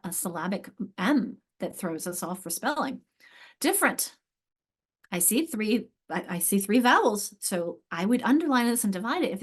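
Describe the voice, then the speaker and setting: Middle-aged woman teaching a literacy workshop online, kinda high voice, lively, lots of restarts. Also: normal speed. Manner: animated, emphatic explaining with frequent restarts. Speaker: literacy instructor.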